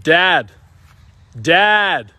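A man's voice: high voice, expressive, extremely slow, sharp tone, a little hiss or hum. A young man filming comic sketches with his dad, teasing and giggly. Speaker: son and video maker.

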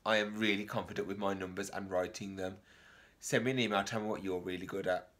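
A man's voice: deep voice, fairly even intonation, quick pace, fairly bright tone. A man teaching a reception class remotely, reading a picture book aloud with gasps and questions to the children. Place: home, remote lesson video.

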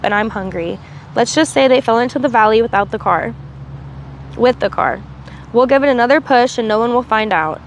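Woman reading a novel aloud, faint traffic. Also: a little high. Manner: reads with small slips and restarts, asides in between. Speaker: reader.

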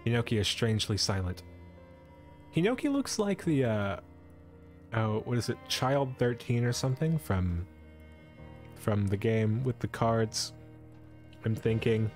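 This male streamer narrates a storybook for his live audience in an expressive, mid-range, darkish voice, moving a little slowly with long pauses. Between lines he tosses in playful asides and laughs, over faint background music.

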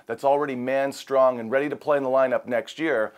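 A man talking eagerly as a hockey analyst, a little out of breath, in excited direct-to-camera commentary. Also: mid-range voice, fairly quick, clear, resonant tone. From Canada. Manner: eager, emphatic.

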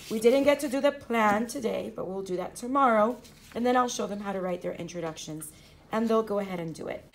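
A woman teacher with a raspy voice in a casual vlog, upbeat as she walks through her classroom lessons and materials. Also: mid-range voice, a bit bright. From South Florida. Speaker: fourth grade teacher.

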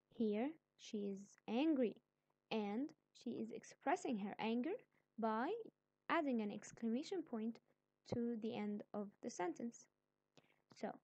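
A woman's voice: fairly high pitch, warm tone, breathy edge, no echo. A woman teaching a grammar lesson, explaining patiently step by step. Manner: patient, explains step by step, then acts out example sentences.

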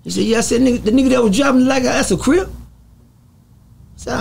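A man from Fort Worth, telling stories as an interview guest, animated and swearing freely as he acts out the voices of others. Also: extremely high pitch, quick pace, creaky, pauses often, slight background noise. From Fort Worth, Texas. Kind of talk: storytelling in a casual interview.

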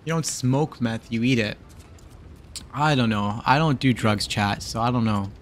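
A man's voice: mid-range voice, unhurried, faint music behind. Man bantering with his stream chat. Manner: bantering with chat, teasing and exasperated. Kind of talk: casual live-stream chat.

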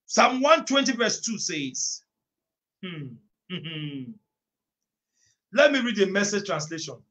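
At an online prayer meeting, a man preaches in a high-pitched, sing-song voice, reading scripture with emphasis, repeating phrases, and breaking into long, drawn-out shouts.

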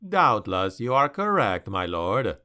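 A man voicing a cunning male dark elf noble in a fantasy audiobook, calm, even and persuasive. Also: on the low side, slow pace, pitched below the performer's own voice, exaggerated voice.

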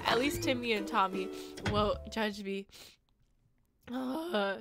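A woman live-streaming a game, chatting to herself in a giggly, excitable way. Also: mid-range voice, slow pace, long pauses. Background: game music.

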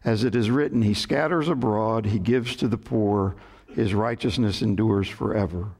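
Pastor reading scripture and telling jokes. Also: male voice, lowish voice, gravelly, a little mellow, husky. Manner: measured reading, lifts voice for joke characters. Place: church sanctuary.

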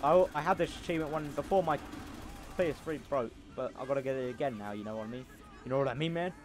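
A man commenting on a war game he plays, loud and goofy, repeating battle cries. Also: mid-range voice, fast. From not American. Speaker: gameplay commentator. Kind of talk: casual gameplay commentary. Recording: noisy with game gunfire behind. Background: game gunfire and engine noise.

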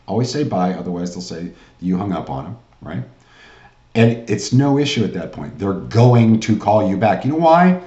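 A man's voice: on the low side, big pitch swings, moderate pace, mellow, reverberant, dull audio. A man giving a sales training lecture in a pushy pep-talk manner, often asking "right?" and calling the audience "guys.".

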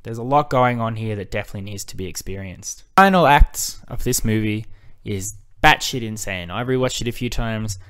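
A man's voice: lowish voice, moderate pace, fairly bright tone, clean tone. A man hosting a film analysis video, talking in a casual, enthusiastic way and swearing now and then.

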